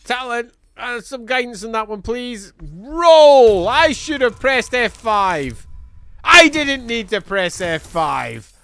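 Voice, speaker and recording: A man casually commentating as he plays a video game, chatty and amused and thinking out loud. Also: very high voice, sing-song, takes it slowly, smooth. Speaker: game streamer. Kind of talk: casual let's-play commentary.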